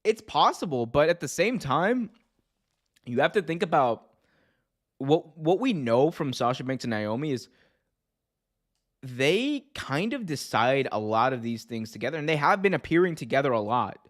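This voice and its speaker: Rambling, animated wrestling podcast host man. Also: on the high side, moderate pace. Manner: animated, rambling, lots of fillers and restarts. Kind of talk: casual commentary reading live chat.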